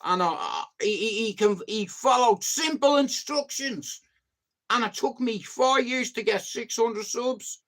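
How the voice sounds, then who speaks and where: A man with a Dublin Irish accent ranting in a casual vlog, swearing freely and swinging between loud bursts and low mutters. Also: measured pace. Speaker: YouTuber.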